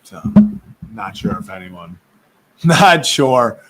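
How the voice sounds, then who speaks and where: A man's voice: on the low side, big pitch swings, slow, a bit bright, soft background music. A man hosting a casual live sports stream, chatty and rambling, laughing often, who says his voice is going.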